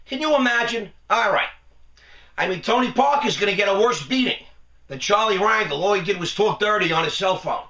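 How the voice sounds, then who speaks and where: A man's voice: high voice, lively intonation, a little fast, bright, forceful tone. A man hosting his own commentary video, ranting sarcastically and animatedly and laughing often. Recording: echoey room, voice a bit far from mic.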